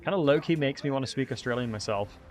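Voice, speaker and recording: Give me a young man with a mid-pitched voice, bantering cheerfully with chat during a game stream. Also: expressive, quick pace. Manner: chatty, upbeat banter with chat. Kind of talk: casual live-stream commentary.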